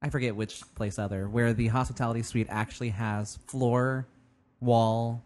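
Excitable male podcast host chatting. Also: medium pitch, moderate pace. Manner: emphatic, excitable. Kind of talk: casual chat.

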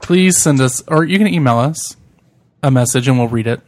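A man's voice: medium pitch, moderate pace, no echo. Man co-hosting a podcast, dry sound. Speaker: podcast co-host. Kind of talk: casual chat.

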